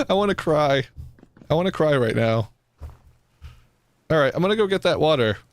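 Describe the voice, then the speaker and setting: A man's voice: fairly high pitch, expressive, normal speed, pauses often, no room sound. A young man streaming a survival game, swearing at it and laughing in disbelief as things fall apart. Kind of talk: live gameplay commentary.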